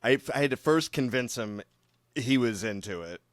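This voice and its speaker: A man co-hosting a comedy podcast, telling absurd spy stories in a deadpan way between laughs. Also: medium pitch, moderate pace, no room sound, clean studio sound. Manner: deadpan tall tales with laughs. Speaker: podcast co-host. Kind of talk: improvised comedy banter.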